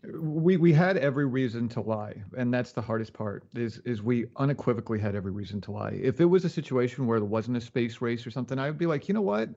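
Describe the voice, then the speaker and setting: A man's voice: mid-range voice, animated, fast talker, hardly any pauses, warm tone. Man thinking aloud on a dull recording. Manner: thinking aloud, repeats himself, stumbles on words. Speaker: podcast guest, tech expert. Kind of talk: casual chat.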